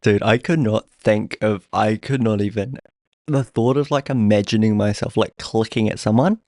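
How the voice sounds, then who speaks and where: A man's voice: fairly low pitch, moderate pace, darkish tone, dry recording. A man co-hosting a podcast in casual chat, with a dry, sarcastic sense of humor. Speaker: podcast co-host.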